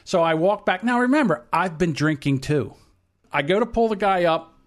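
A man's voice: high voice, lively intonation, normal speed. Blunt, profane man around sixty. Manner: profane, blunt anecdote-telling. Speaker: podcast co-host. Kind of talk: casual chat, storytelling.

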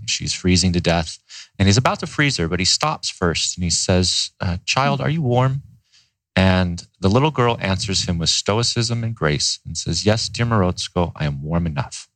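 A laid-back man retells a folk tale during an interview, often pausing with fillers. His voice is very deep. The recording is close and dry. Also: a bit bright, dry recording. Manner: laid-back, many fillers, laughs easily. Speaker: guest, company co-founder. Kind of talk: casual storytelling in an interview.

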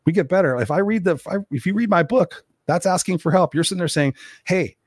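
A man in his fifties hosting an unscripted livestream. He reads out viewer comments and answers them in a blunt, energetic, rambling way, swearing freely. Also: high-pitched, fast talker, no room sound, clean studio sound. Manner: rambling, with many restarts and fillers. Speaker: motivational speaker and show host.

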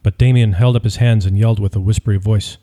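Low mellow guy narrating a story, steady even read. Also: quick pace. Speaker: audiobook narrator. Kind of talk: scripted narration.

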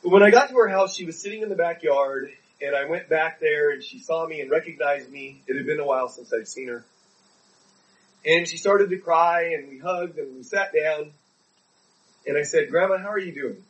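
A man's voice: a little high, moderate pace, far from the mic, dull audio. A man preaching a sermon, telling a personal story in an earnest, pleading way.

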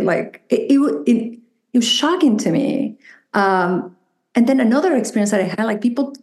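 Gravelly-voiced woman with a Mexican accent. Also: medium pitch, reverberant. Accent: Mexican Spanish. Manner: reflective, animated storytelling with quoted voices. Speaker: psychotherapist guest. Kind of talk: conversational interview.

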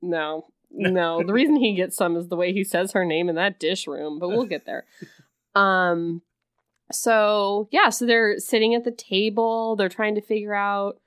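A woman's voice: mid-range voice, a little slow, clear, resonant tone, dry recording, studio quality. A woman co-hosting a casual chat, gushing over a film scene, laughing often and swearing casually. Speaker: podcast co-host. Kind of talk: casual movie recap chat.

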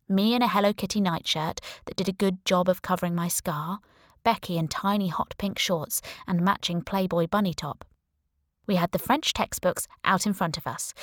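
A woman's voice: fairly low pitch, no room sound, clean studio sound. A woman reading a first-person audiobook in a wry, conversational storytelling manner. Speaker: audiobook narrator.

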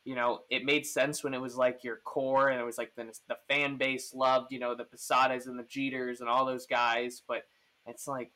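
A man's voice: mid-range voice, flat delivery, normal speed, hardly any pauses, pushed and bright. A man hosting a podcast, chatting casually about sports with lots of fillers and restarts. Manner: rambling, full of fillers and restarts. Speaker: podcast host.

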